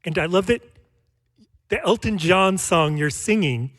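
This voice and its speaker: A man's voice: high-pitched, animated, measured pace, a bit bright. A man interviewing a guest onstage, asking questions in an enthusiastic, admiring way.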